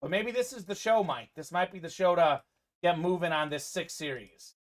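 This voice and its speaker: A man's voice: sits high, normal speed. A man hosting a live-streamed sports card break, giving upbeat running commentary on teams and players.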